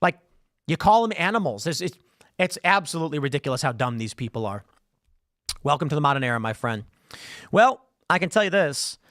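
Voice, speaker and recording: A man's voice: fairly high pitch, animated, a little fast, long pauses, fairly bright tone, dry recording, studio quality. Sarcastic man hosting a political stream. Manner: sarcastic, mocking, breaks into mock voices. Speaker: political show host. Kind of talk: opinionated live-stream commentary.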